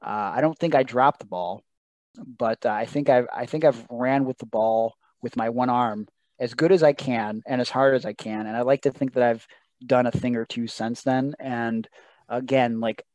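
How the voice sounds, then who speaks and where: An earnest man recounting a heartfelt story as a podcast guest, his voice sitting at an ordinary middle pitch. The recording is dry and close, with no room sound around him. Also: moderate pace, a little mellow, no room sound. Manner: emotional, earnest storytelling with quoted dialogue. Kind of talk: casual storytelling interview.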